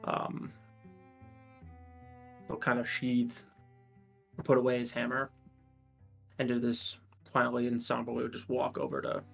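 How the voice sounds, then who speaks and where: A man's voice: medium pitch, completely flat delivery, measured pace, gravelly, pauses often, a bit bright, soft background music. A man hesitantly describing his character in a tabletop game, full of fillers. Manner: hesitant, full of likes and ums. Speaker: player.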